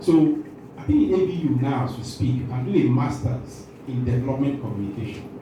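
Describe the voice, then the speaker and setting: In a large conference room, a man from Nigeria hosts a workshop, firing questions at the room, joking, and interrupting himself while his voice trembles slightly with nerves. His pitch is medium, his delivery expressive and a little fast; the distant, echoey recording carries background noise.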